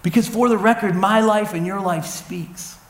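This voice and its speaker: A man in his forties preaching a sermon to a congregation, lively and humorous as he tells stories and calls out to the crowd. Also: high voice, normal speed, echoey room. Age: 40s. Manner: lively, addressing a crowd with cheers and callouts; storytelling with humor. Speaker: pastor. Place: church auditorium before a congregation.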